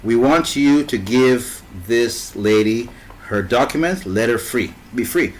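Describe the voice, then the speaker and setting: A man's voice: medium pitch, unhurried, low-quality recording. Man telling a rambling story. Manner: rambling, fills gaps with "what's it called". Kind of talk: casual storytelling.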